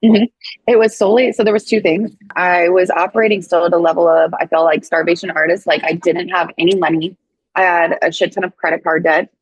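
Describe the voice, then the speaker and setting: Husky woman telling a candid story. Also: fairly low pitch, fairly quick, dry recording, poor audio. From St. Louis, USA. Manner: animated, acts out quoted dialogue with swearing and laughs. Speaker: guest, associate doctor.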